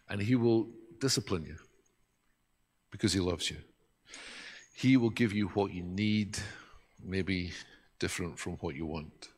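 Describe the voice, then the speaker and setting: Slow, deep-voiced man preaching. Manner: earnest, reflective, drops to a soft hush at key points. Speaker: pastor. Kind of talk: sermon.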